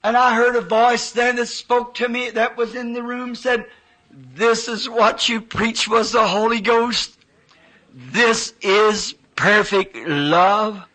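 A man's voice: extremely high pitch, little pitch movement, a little slow, pushed and bright, low-quality recording. A man preaching a sermon, telling a vision with emotional, fervent quoted dialogue.

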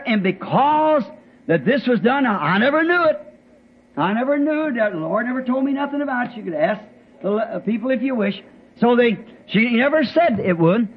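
A sermon testimony comes from a man whose voice is very high and a bit rough. He tells it in a folksy, rambling fashion with plain country grammar, and the old recording sounds dull and lo-fi.

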